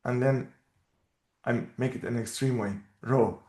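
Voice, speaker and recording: A man's voice: medium pitch, steady tone, a little mellow. Patient male teacher, echoey room. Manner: patient, explanatory, repeats words slowly. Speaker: Arabic teacher. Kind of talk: one-on-one language lesson.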